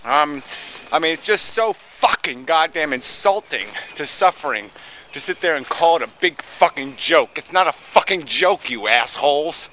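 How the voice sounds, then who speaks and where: A man's voice: a little high, expressive, normal speed, bright, forceful tone, slight background noise. A man in a heated debate monologue, ranting angrily with heavy swearing and many stop-start restarts. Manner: angry, profane ranting; hesitant restarts with frequent fillers. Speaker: debate participant.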